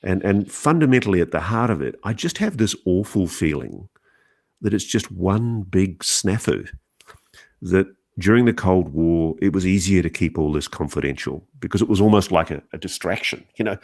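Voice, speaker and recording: A deep-voiced, middle-aged Australian man talks in an earnest, measured way, now and then halting to restart a thought. His low voice carries a gravelly edge. He sounds like a guest author answering interview questions. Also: animated, darkish tone.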